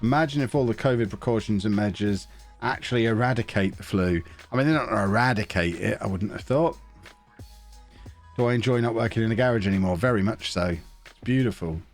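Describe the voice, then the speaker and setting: A man's voice: on the low side, a little fast, soft background music. A man with a sniffly, stuffed-up nose, chatting casually and rambling through a live stream while he plays a management game.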